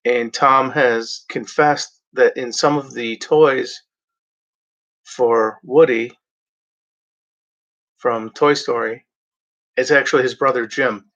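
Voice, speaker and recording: A man talking casually as a show host, halting with many fillers and restarts. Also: medium pitch, fairly even intonation, fairly bright tone, highs cut off. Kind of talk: casual rambling chat.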